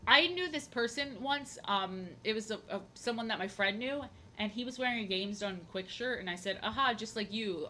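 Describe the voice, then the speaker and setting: A woman's voice: fairly high pitch, normal speed, sharp tone, a little hiss or hum. A young woman chatting casually on her drawing stream, rambling, goofy and repeating herself. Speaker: art streamer.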